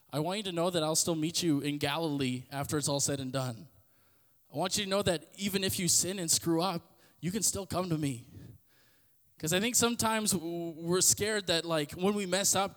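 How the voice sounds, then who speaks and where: A man's voice: normal speed, fairly bright tone, long reverb tail. A man giving a casual sermon on a podcast, talking conversationally and acting out quotes in changing voices. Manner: conversational, acts out quotes with shifting pitch. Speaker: podcast host preaching.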